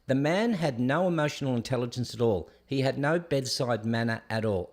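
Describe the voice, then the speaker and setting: In his 60s, a podcast host chats and rants casually on a live show, speaking at normal speed with a mid-range voice. His stories ramble conversationally and are loaded with fillers.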